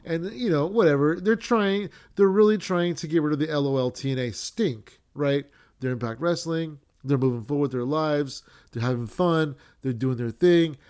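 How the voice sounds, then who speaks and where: A man's voice: on the high side, normal speed, darkish tone, clear, resonant tone. A young man hosting a wrestling podcast, ranting casually with lots of swearing, fillers and restarts.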